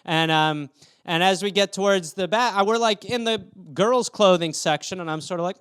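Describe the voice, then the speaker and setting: A man's voice: high-pitched, normal speed, a bit bright, smooth. A man in his thirties hosting a podcast, telling casual rambling stories with crude asides and acting out the people in them. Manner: acts out quoted people with shifting voices; swears freely, rambling asides. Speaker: podcast host. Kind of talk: casual storytelling monologue.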